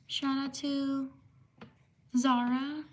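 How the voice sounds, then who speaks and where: A woman hosting a live stream, slowly reading out shout-outs to viewers and taking care over their names. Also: sits high, level tone.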